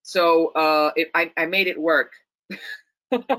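Woman from Rome, Italian accent, reflective interview guest with restarts; tense, crisp tone, dry close sound. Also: deep voice, fairly even intonation, takes it slowly, pushed and bright, no echo, rough recording. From Italy, Rome. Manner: thoughtful, many restarts and repeated words. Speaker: actress, guest. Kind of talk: interview conversation.

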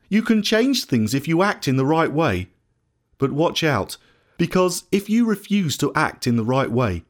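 A man voicing God as a stern yet caring male deity, speaking in grave, measured warnings in a storybook reading. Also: fairly high pitch.

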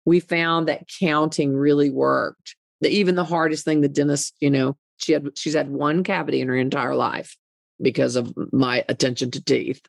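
A woman's voice: sits low, steady tone, normal speed, creaky, no room sound, studio quality. A middle-aged woman speaking earnestly in an interview, emphatic and often repeating words as she tells a personal story. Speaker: guest, mother and advocate. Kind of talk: conversational interview.

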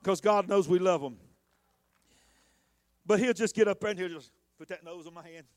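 A man preaching a fervent sermon as pastor, breaking into shouts and drawing words out slowly. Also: high-pitched, no echo. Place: church sanctuary.

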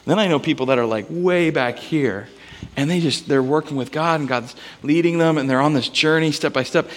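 A man preaching a sermon in a relaxed, conversational way, telling stories and asking the congregation for amens. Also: a little high, fairly quick. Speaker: pastor. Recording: long hall reverb.

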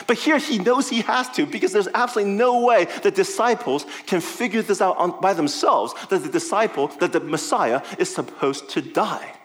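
A man preaching a sermon conversationally, animated and often checking in with the listeners. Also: sits high, moderate pace, hardly any pauses.

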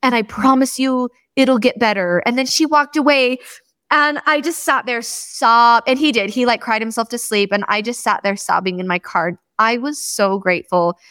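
Woman podcast host, kinda high voice, tells stories all animated, does the voices, dry close mic. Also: moderate pace, clean tone, no room sound. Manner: animated storyteller acting out quotes. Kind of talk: casual chat.

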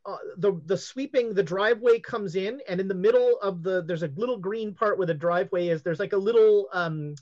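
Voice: medium pitch, a little mellow. Game master, tabletop narration, hesitant with fillers, slightly muffled recording. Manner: halting, many fillers and restarts.

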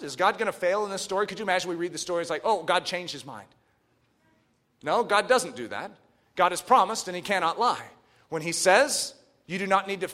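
A man preaching a sermon, animated and swinging from hushed asides to shouts. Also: sits high. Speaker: pastor.

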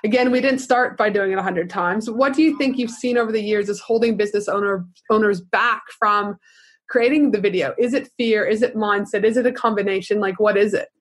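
A woman's voice: mid-range voice, steady tone, fairly quick. A woman hosting a podcast, chatting enthusiastically and casually with her guest. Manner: enthusiastic, casual, swears freely. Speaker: podcast host.

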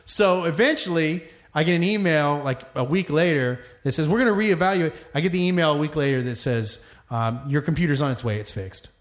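Man, casual chat, animated, profane, fairly high pitch. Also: brisk. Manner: animated storyteller, swears freely.

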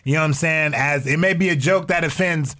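A man's voice: fairly high pitch, a little fast, sharp tone. A man, a comedian, talking emphatically and insistently in casual podcast banter. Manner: emphatic, talks over others.

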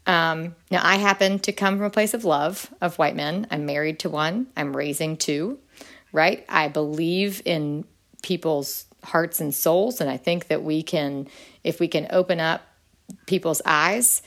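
A middle-aged woman speaking earnestly as a podcast guest, her pitch leaping up when she stresses a point. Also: measured pace, fairly bright tone. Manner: earnest, with sudden upward pitch leaps when emphatic. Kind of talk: earnest conversational interview.

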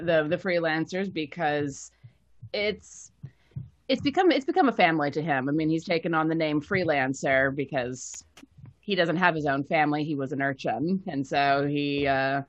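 Chatty female player, lower-pitched, describing her rogue character. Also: unhurried, dull audio. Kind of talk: casual chat.

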